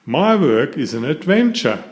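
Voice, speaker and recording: A jolly, playful cartoon pig father, voiced by a man reading a storybook aloud. He talks slowly, and his voice swoops up and down with cheerful enthusiasm. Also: a little high, big pitch swings, pitched above the performer's own voice. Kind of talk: children's story read aloud.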